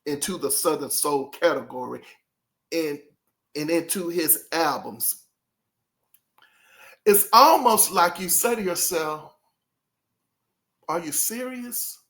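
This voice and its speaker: A host giving casual, animated opinions in a vlog, rambling with many fillers and a lilt. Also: mid-range voice, slow, long pauses. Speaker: music commentary host.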